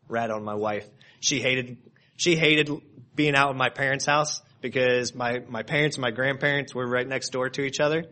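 Male pastor, mid-pitched, earnest sermon delivery with big swings between loud emphasis and soft asides.

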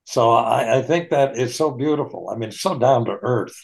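Unhurried man leading a Bible study. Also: mid-range voice, creaky, a little mellow. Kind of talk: online Bible study teaching.

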